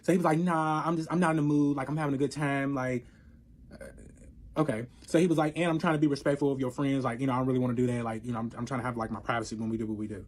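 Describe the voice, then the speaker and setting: A man telling a story in casual chat, animated and profane, acting out both sides of the arguments. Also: mid-range voice, racing.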